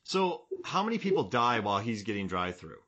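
A man's voice: fairly low pitch, very animated, brisk, a bit bright, muffled recording. A man in his forties hosting a casual podcast chat, joking and rambling, fond of comic bits. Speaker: podcast host.

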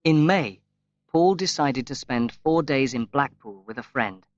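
Slow, measured male audiobook narrator. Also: mid-range voice, expressive, no echo. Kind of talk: scripted narration. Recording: dull, lo-fi, dry recording.

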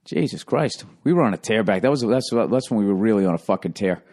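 Man, solo podcast host, lowish voice, profane rambling storyteller, quick mocking impressions. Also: expressive, darkish tone. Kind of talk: casual storytelling monologue.

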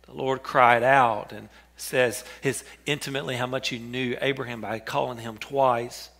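A man preaching a sermon in an earnest way, with a bright, forward tone. He repeats names and phrases and drops to a near hush for the quoted words of scripture. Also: medium pitch, steady tone, moderate pace, creaky. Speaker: pastor.

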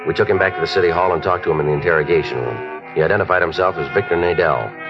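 A man narrating and questioning as a police detective in a 1950s radio drama, in a clipped, flat, matter-of-fact way. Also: sits low, very fast. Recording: dull lo-fi old radio broadcast with music.

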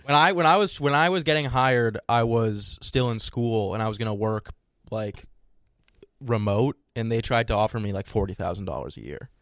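A man's voice: lowish voice, normal speed, fairly bright tone, dry recording, studio quality. A man cohosting a podcast, chatting casually and making wry, self-deprecating jokes.

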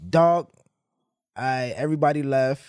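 A man's voice: mid-range voice, a little slow, clean tone, no room sound, studio quality. A young man hosting a podcast, telling a story and acting out the people in it. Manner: animated storyteller, acts out dialogue. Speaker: podcast host. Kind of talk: casual storytelling chat.

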